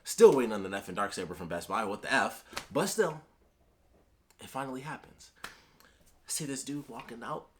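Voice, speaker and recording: A man talking casually and excitedly as a video reviewer, rambling and trailing off, with the odd swear word. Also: medium pitch, normal speed, long pauses, a little hiss or hum. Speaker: YouTube reviewer.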